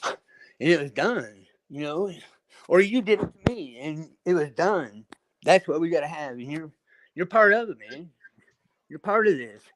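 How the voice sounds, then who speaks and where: A man's voice: on the high side, lively intonation, a little slow, fairly bright tone. A man chatting casually on a live video call panel, rambling as he shows off things he built. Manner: rambling, shows off his stonework and builds. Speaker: panel guest.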